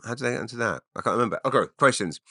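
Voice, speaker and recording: A man's voice: mid-range voice, lively intonation, racing, pushed and bright, no echo, studio quality. A man, hosting a rambling solo podcast, full of wry asides and self-interruptions. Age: 40s. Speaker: podcast host.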